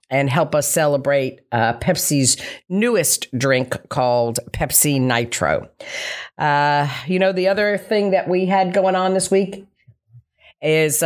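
Chatty woman hosting a local talk show. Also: low-pitched. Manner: rambling and upbeat, with many ums and asides. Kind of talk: casual chatty monologue.

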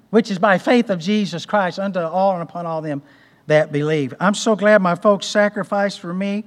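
High-pitched guy preaching, folksy, repeats himself, church hall reverb. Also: normal speed. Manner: folksy, repeats words and restarts, asks amen. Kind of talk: sermon.

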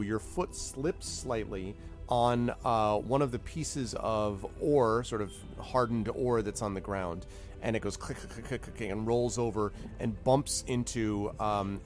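A man narrating as game master in a tabletop game, loose and chatty, with lots of ums and sound effects. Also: mid-range voice.

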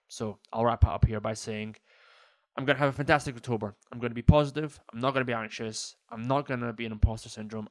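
A man talks alone into a podcast mic as a stand-up comedian, rambling and self-deprecating, with lots of fillers. His voice sits at an ordinary middle pitch. The recording is close and dry, with no room sound. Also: no echo. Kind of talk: casual solo podcast monologue.

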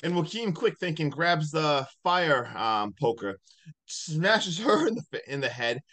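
A man hosting a podcast, casually recapping a movie in a rambling, animated way full of "like". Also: fairly high pitch, measured pace. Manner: rambling, animated retelling with many likes. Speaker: podcast host.

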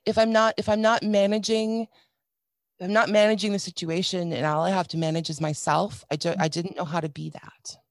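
A middle-aged woman telling a painful personal story in a candid, halting way, with many restarts and dry, wry asides. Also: fairly low pitch, fairly even intonation, dry recording. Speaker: guest sharing a personal story.

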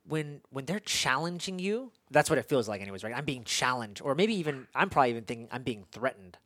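A man's voice: mid-range voice, sing-song, fairly bright tone, dry recording. Reflective man with a dry sound. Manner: reflective, halting, frequent restarts. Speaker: podcast host. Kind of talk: conversational interview.

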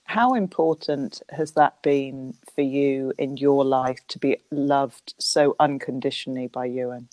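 A woman interviewing a guest, asking gentle, reflective questions. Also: a bass voice, unhurried, few pauses, dry recording.

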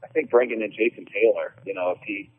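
Brief: male sports talk host, husky tone, tinny phone-like sound. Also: lowish voice, fast. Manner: rambling, hesitant with ums. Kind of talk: casual sports chat. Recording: phone-like line.

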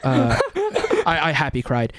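A man, hosting a radio talk show and telling a long story in a loose, animated way with lots of fillers and swearing. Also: mid-range voice, unhurried. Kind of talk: casual chat, storytelling.

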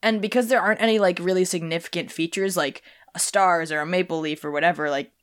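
Rambling young woman, low voice. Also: fast talker, smooth. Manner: rambling, many fillers and restarts. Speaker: podcast host. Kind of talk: casual chat.

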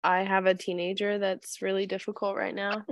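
A woman co-hosts a relaxed podcast, telling her stories with animated energy and playing out everyone's lines. Her voice has a gravelly, creaky edge at a middle pitch. The recording is dry and close, with no room sound. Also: moderate pace, dry recording. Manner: animated storyteller who acts out quoted dialogue. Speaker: podcast co-host. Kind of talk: casual podcast chat.

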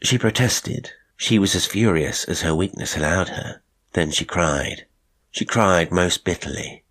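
A man narrating a classic horror short story in a measured, unhurried way. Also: low-pitched, a bit bright. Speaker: narrator and producer.

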